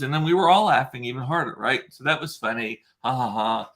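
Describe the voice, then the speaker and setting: A man's voice: medium pitch, quick pace, fairly bright tone. A young man vlogging casually, rambling through a funny story with lots of ums and laughing asides. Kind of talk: casual chat to camera.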